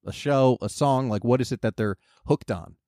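Animated man who imitates people. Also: mid-range voice, moderate pace, no echo, studio quality. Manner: animated, does impressions. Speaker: podcast co-host. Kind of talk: casual chat.

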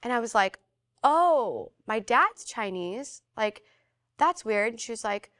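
A woman's voice: on the high side, a little slow. A young adult woman as an interview guest, telling a personal testimony in casual storytelling style, full of "like" and acting out the voices she quotes. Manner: animated, fillers of "like", acts out quoted voices.

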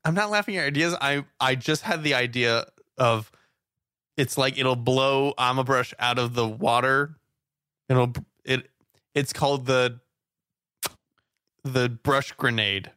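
Male co-host, sharp bright tone, animated pitch, dry booth sound, wry skeptic. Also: a little slow, pauses often, clean tone, no room sound. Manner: skeptical, joking, spins absurd scenarios. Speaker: podcast co-host. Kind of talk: casual banter.

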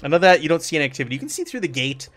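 A man's voice: a little high, big pitch swings, very fast, fairly bright tone. Man narrating as game master. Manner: descriptive, with frequent restarts.

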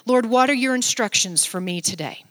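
A middle-aged woman preaching a sermon in a church and reading scripture. She speaks straight to her congregation with affection, and swings from loud exclamations down to soft near-whispers. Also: fairly high pitch, animated, normal speed, big-room sound.

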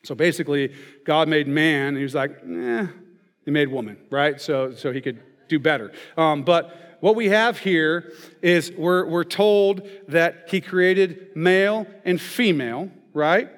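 A man's voice: on the high side, measured pace. A man giving a sermon in a conversational way, often checking in with "okay?" and "right?". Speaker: pastor. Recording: long reverb of a large hall.

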